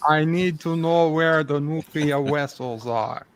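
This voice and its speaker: A man putting on a deadpan fake Soviet comrade. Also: fairly high pitch, slow, a little hiss or hum. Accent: put-on Russian. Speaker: stream host. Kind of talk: comedic bit on a casual stream.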